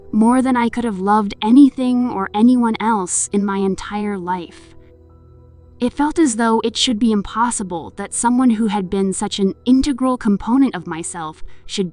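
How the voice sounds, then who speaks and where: Her voice is mid-range with a darkish tone as she narrates a horror story over music. She plays the heroine with emotion, especially in the pleading lines.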